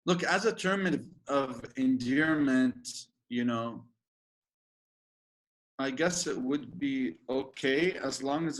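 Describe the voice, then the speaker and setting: A sheikh giving an informal religious lecture, chatty and joking, with many fillers and restarts. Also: male voice, mid-range voice. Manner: laughs at his own jokes.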